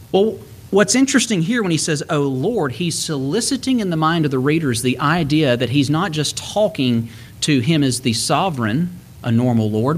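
A man preaching a conversational sermon, mixing scripture quotes with stories from home. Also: fairly high pitch.

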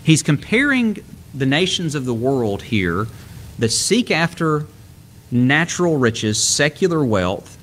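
A man's voice: a little high, very animated, slow, fairly bright tone. Earnest man preaching a sermon. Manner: earnest, explanatory, quotes scripture with rising emphasis.

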